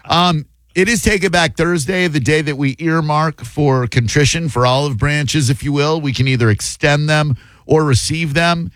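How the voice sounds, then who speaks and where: A man's voice: a little high, moderate pace, fairly bright tone, dry recording. A man hosting a radio show, sarcastic and rambling in playful studio banter. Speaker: radio host.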